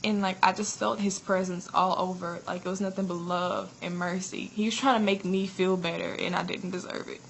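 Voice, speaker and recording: A woman's voice: fairly low pitch, steady tone, a little fast, creaky, few pauses, slight background noise, poor audio. A woman sharing a spiritual testimony in a chatty, earnest way, often laughing as she retells it. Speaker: prophetess sharing a vision.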